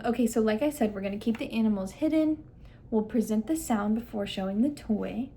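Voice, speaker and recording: A woman's voice: a little high, warm tone. A young woman speech therapist walking parents through a listening game step by step, stressing key words. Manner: explains step by step, models exaggerated emphasis on key words. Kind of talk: instructional demonstration.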